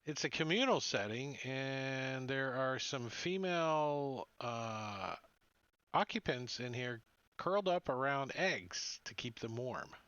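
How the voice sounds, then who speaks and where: Guy dm rambling thru a tabletop game, bright tense voice, dry dull mic. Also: medium pitch, expressive, takes it slowly, clean tone, no room sound. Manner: loose, rambling, joking. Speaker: dungeon master.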